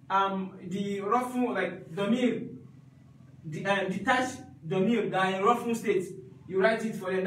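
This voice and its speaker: A man's voice: high voice, a bit bright, very echoey, far from the mic, slight background noise, rough recording. A man teaching an Arabic grammar class, repeating each point and checking that students follow.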